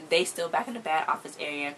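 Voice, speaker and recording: Low-voiced woman recapping a show. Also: a little fast, slight background noise, low-quality recording. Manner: chatty, full of "like" fillers; animated retelling of scenes. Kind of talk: casual episode recap.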